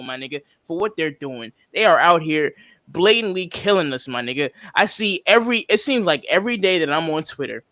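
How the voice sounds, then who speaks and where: A man's voice: on the high side, expressive, a little fast, sharp tone, dry recording. A man hosting a casual podcast, ranting with passion and a lot of swearing, a little drunk. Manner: impassioned, profane, rambling rant. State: tipsy. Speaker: podcast host.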